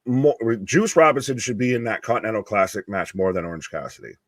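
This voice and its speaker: Low voiced dude on a wrestling live stream, blunt, swears a lot, dry close sound. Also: male voice, very animated, quick pace, no echo. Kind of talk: wrestling watch-along chat.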